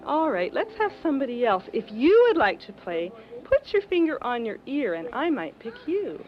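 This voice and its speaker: A woman hosting a children's program, coaxing kids through a sing-song name game in a slow, encouraging way. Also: on the high side, very animated, a crowd in the background, noisy background. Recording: dull old 16mm film soundtrack with loud music.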